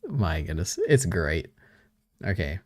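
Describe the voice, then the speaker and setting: A man with a fairly low voice chats on a livestream in a loose, casual way. He reads viewer messages aloud and answers them with easy chuckles. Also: big pitch swings, takes it slowly. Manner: reads chat aloud and banters back, chuckling often. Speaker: streamer.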